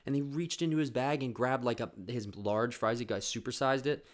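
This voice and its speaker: A man in his twenties from Canada, telling a comic story on his podcast, swearing freely and acting out other people's voices. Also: normal speed. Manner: animated, swearing, acts out voices with big pitch jumps. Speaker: podcast host. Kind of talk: comedic storytelling.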